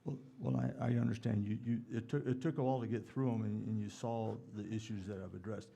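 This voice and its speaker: A man's voice: lowish voice, steady tone, fast, vocal fry, mellow. A male commissioner speaking at a town meeting, stammering and repeating words as he talks.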